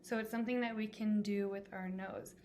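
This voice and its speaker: A woman's voice: mid-range voice, fairly even intonation, a little fast, warm tone, a little hiss or hum. A woman teacher giving a classroom lesson, explaining patiently and step by step with examples.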